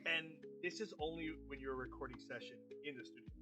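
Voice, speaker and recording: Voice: medium pitch, fast, sharp tone, faint music behind. A podcast host interviewing a guest in a casual chat, asking short, curious questions.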